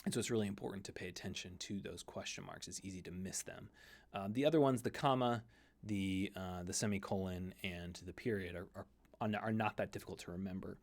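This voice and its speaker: A man's voice: low voice, fairly even intonation, brisk. A man teaching a Greek lesson in a conversational way, often correcting himself mid-sentence and using fillers. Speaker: seminary Greek instructor. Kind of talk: recorded lecture.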